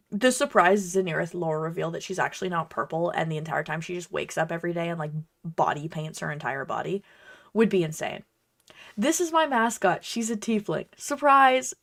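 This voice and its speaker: A woman's voice: fairly low pitch, creaky. Bubbly rambling young-sounding woman. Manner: bubbly, rambling, self-deprecating. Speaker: cosplayer and streamer. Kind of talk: casual chatter while crafting.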